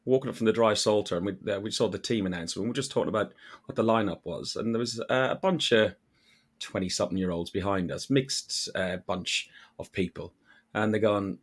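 Low-voiced Irish-born podcast host. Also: male voice, a little fast. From Ireland. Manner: chatty storyteller, stumbles and restarts. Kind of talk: casual chat.

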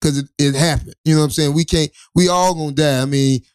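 Male co-host, loose profane storytelling, slightly high voice, dry close sound. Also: fairly even intonation, fast, a little mellow, clean tone, no echo. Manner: loose, profane, rambling storyteller with many restarts. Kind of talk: casual storytelling chat.

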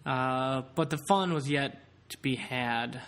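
A man hosting a casual chat podcast, with a voice of middling pitch. He rambles through a story, full of "like" and "you know". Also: slow pace, a bit bright, smooth. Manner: rambling storyteller, lots of fillers. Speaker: podcast host.

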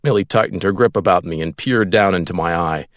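A man's voice: low-pitched, fairly quick, dry recording, clean studio sound. A man reading a literary story aloud as audiobook narrator, in a wry, storytelling way.

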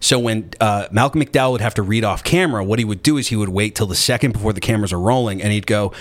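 A man's voice: on the low side, lively intonation, quick pace. A man hosting a casual chat, retelling a story in a rambling, sarcastic, profane way.

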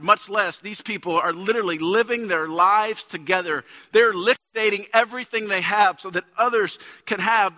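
A pastor in his thirties delivers a casual, conversational sermon that climbs into emphatic bursts. His voice sits high and sounds crisp and bright. Long reverb from the church hall trails behind each phrase. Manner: conversational preaching, rising to emphatic peaks. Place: church sanctuary.

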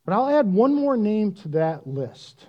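A man preaching a sermon in a conversational, self-deprecating and animated way. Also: high-pitched, a little slow, dull audio. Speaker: pastor.

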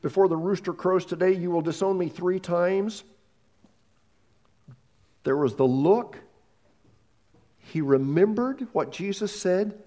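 A man preaching a sermon, telling a story with animated voices and repeating words as he goes. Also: high voice, slow pace, pauses often. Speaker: pastor.

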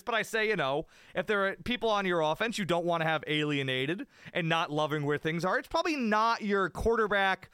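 A man's voice: high-pitched, sharp tone, clear, resonant tone, no room sound, studio quality. A man co-hosting a sports podcast, ranting in a rambling, self-mocking way. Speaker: podcast co-host. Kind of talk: casual sports talk.

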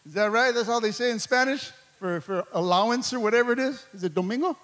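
A man's voice: extremely high pitch, quick pace, a bit bright. A man preaching a fervent sermon to a church, peppering it with calls of amen and stumbling restarts. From Mexico. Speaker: pastor.

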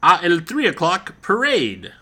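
Man, comedy podcast host, goofy eager banter, husky edge, very lively pitch. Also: measured pace. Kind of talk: comic in-character banter.

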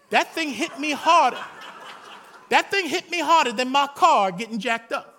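High-voiced man preaching with bright energy. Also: normal speed, slight background noise. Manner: animated preaching, rising to shouts; folksy storytelling with humor. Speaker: pastor. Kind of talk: sermon.

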